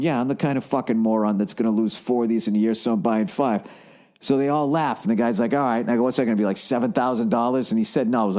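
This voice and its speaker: A man rambling through a comic story on a podcast, profane and self-mocking, jumping up in pitch when he quotes people. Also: a little mellow. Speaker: comedian podcast host.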